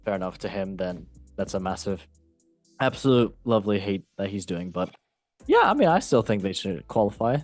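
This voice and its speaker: A man's voice: low voice, sing-song, moderate pace, a little mellow, faint music behind. A man hosting a casual football podcast, reading news in a chatty, jokey way and tripping over words now and then. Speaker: host.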